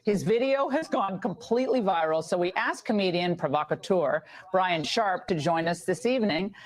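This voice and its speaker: A woman hosting a TV news interview, animated and amused. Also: fairly low pitch, moderate pace. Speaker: TV news host.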